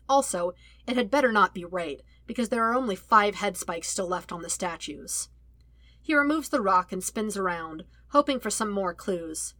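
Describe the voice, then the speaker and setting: A woman narrating a fan-fiction audiobook with a lively, wry storytelling manner. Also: medium pitch, dry recording. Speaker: audiobook reader.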